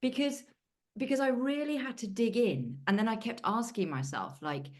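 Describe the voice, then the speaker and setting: A woman's voice: a little high, lively intonation, moderate pace. A British woman talking casually on a group coaching video call, chatty, with everyday British idioms. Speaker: coaching client.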